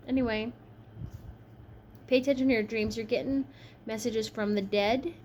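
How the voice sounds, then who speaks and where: A woman's voice: fairly high pitch, steady tone, normal speed, darkish tone, slight background noise. A woman giving a casual tarot reading, chatty and frank, tired from a long shift. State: tired, yawning. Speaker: tarot reader.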